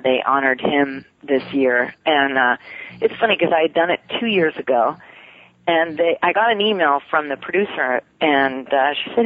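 A woman voice actress, a guest on an interview show, chatting casually with lots of laughter and self-deprecating humor. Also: low-pitched. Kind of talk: casual podcast interview chat. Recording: tinny phone line, dry.

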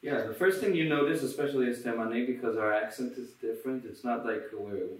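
A man from Israel with a Yemenite Israeli accent, talking as an interview guest in a halting way, with many restarts. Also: mid-range voice, roomy sound, distant mic, low-quality recording. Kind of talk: casual interview.

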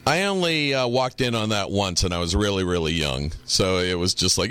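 Animated, crude-talking middle-aged man. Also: deep voice, moderate pace, clear, resonant tone, no room sound. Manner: crude, animated storytelling with acted quotes. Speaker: podcast co-host. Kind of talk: casual chat.

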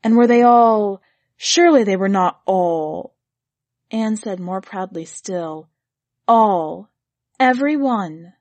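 A woman narrating a story in a measured, gently expressive reading. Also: mid-range voice, no room sound.

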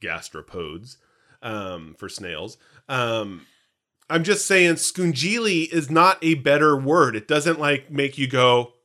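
A man's voice: medium pitch, expressive, a little slow, sharp tone. A man co-hosting a podcast, chatting casually in a jokey, rambling way. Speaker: podcast co-host. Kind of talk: casual chat.

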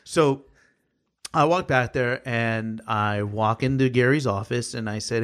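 A man's voice: mid-range voice, unhurried. A man casually telling a story about his work as a service advisor, acting out the dialogue with lots of energy. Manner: animated, acts out quoted dialogue, swears casually. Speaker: podcast guest, former service advisor.

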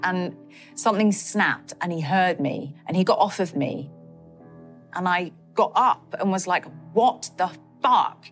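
A woman recounting a personal ordeal in an interview, her voice a little low. She speaks haltingly, with many fillers and emotional strain. Soft music plays quietly beneath her.

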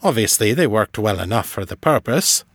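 A man voicing a gruff, curmudgeonly old male wizard with a clipped, grumbling way of talking. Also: fairly low pitch, animated, normal speed, a bit bright, no echo, studio quality, heavily acted.

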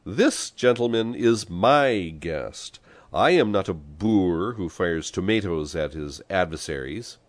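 A man voicing a fiery, sharp-tongued village priest who scolds and retorts in a storybook reading. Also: low-pitched, animated, a little slow, hardly any pauses, dry recording. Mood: scolding.

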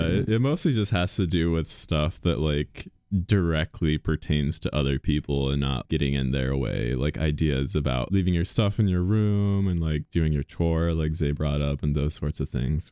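A male medical student chatting casually and relaxed, with lots of fillers. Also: very deep voice, smooth, dry recording, studio quality. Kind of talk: casual chat.

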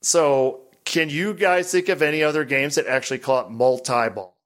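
Man, podcast host, slightly high voice, chatty, rambling. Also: moderate pace, a bit bright. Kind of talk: casual podcast chat.

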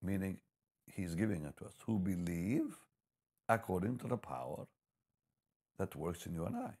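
Gravelly deep-voiced male preacher. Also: normal speed, long pauses. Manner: swings between hushed storytelling and loud emphatic preaching. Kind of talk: sermon with personal testimony.

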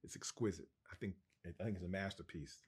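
A man being interviewed as a guest co-writer, telling an anecdote in an animated, excited way, with restarts and laughs. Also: deep voice, brisk, breathy edge.

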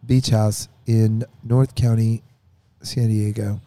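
Dark-voiced man with a weakened voice. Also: fairly low pitch, level tone, takes it slowly. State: weakened voice from a cough. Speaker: band member on a podcast. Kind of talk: casual chat.

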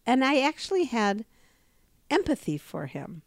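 A woman's voice: on the high side, big pitch swings, unhurried, dry recording, clean studio sound. A middle-aged woman, a comedian co-hosting a podcast, telling a personal story vividly in casual conversation. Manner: vivid storytelling, acts out quoted voices.

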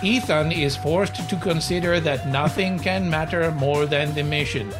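Flat comedic AI robot narrator, put on by a woman, slow deliberate delivery. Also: deep voice, over music. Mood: deadpan.

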